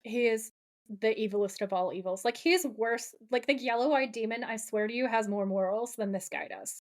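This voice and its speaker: A woman co-hosting a podcast, recapping a TV episode in casual chat with dramatic, animated retelling and occasional swearing. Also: a little high, normal speed. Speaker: podcast co-host.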